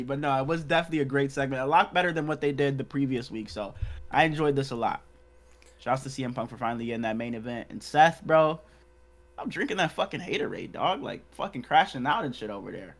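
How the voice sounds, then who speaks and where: A man co-hosting a podcast, chatting casually, excitable and profane, with lots of agreeing murmurs. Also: mid-range voice, fast talker. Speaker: podcast co-host. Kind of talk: casual chat.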